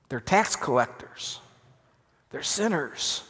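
A man, a pastor, preaching a sermon with emphatic swings between loud and hushed delivery. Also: a little high, animated, a little slow. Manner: emphatic, dramatic shifts in loudness. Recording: long reverb of a large hall.

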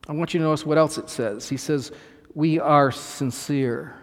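A man's voice: on the high side, normal speed, big-room sound. A man preaching a sermon as pastor, earnest and emphatic, restarting phrases as he explains scripture.

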